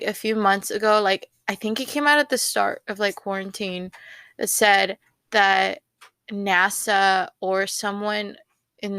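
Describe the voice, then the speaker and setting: A woman's voice: mid-range voice, a bit bright, smooth, dry recording. A young woman hosting a casual solo podcast, rambling with many fillers and repeated words. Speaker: podcast host.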